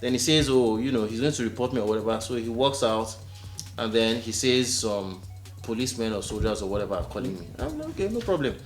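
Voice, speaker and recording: A man with a very lively voice that swoops high and low tells a story on a podcast. His delivery is animated and indignant, and faint music sits under the chat. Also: quick pace, roomy sound. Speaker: podcast co-host.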